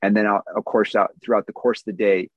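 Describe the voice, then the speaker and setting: Guy in his 30s, kinda husky low voice, dry close sound, just honestly telling his recovery story. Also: flat delivery, fast talker, no echo, dull audio. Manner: earnest, candid, with small self-deprecating laughs. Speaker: recovery meeting speaker. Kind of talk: personal testimony answering questions.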